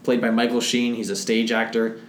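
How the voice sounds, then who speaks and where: A man's voice: medium pitch, monotone, normal speed. A man co-hosting a film club podcast, recapping a movie in an enthusiastic, rambling way. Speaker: podcast co-host. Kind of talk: casual film discussion. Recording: echoey room with faint noise.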